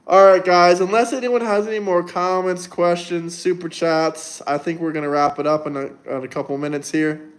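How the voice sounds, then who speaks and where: A man's voice: high-pitched, steady tone, moderate pace. A young man hosting a casual livestream, reading viewer comments and answering them bluntly, with plenty of swearing and rambling. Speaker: livestream host.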